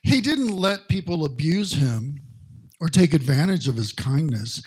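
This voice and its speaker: A middle-aged male minister giving a sermon, telling personal stories in a slow, conversational way with wry humor. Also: a little high, sing-song, a little mellow, slightly rough.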